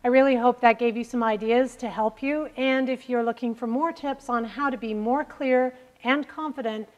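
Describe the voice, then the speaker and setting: A woman's voice: fairly high pitch, fairly even intonation, moderate pace, muffled recording. A young adult woman coaching speakers through breathing and counting drills in an upbeat instructional lesson.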